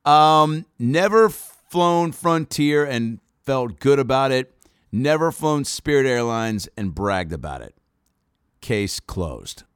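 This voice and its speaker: A man's voice: mid-range voice, fairly bright tone, clean tone, dry recording, studio quality. A male comedian hosting his podcast in a loose, joking way, swearing freely. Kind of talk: casual chat. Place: in Australia.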